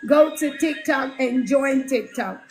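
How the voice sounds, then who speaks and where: A woman's voice: high-pitched, slow pace, soft background music. A woman hosting a casual livestream, chatting with viewers, reading out their comments and greeting them by name with plenty of laughter. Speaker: livestream host and home care business mentor.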